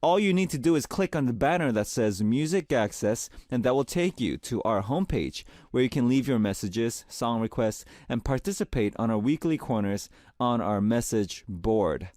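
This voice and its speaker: A man's voice: mid-range voice, animated, normal speed, a little mellow, no echo. A young man hosting a radio music show, moving from a reflective scripted opening into friendly announcements at a studio microphone.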